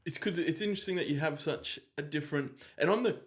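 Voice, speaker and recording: A man hosting a podcast, talking reflectively and often pausing to search for words. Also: a little high. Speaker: podcast host. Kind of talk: casual conversation.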